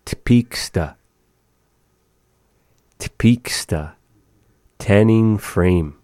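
Deep-voiced man, slow, patient vocabulary teacher, dry close sound. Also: mellow, no echo. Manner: slow, repeats each word, chuckles at odd words. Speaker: language teacher. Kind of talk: word-by-word vocabulary lesson.

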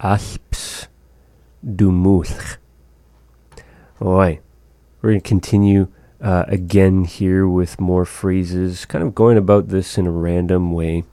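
A man teaching a language lesson, repeating each phrase slowly and carefully for learners. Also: deep voice, steady tone, mellow, dry recording.

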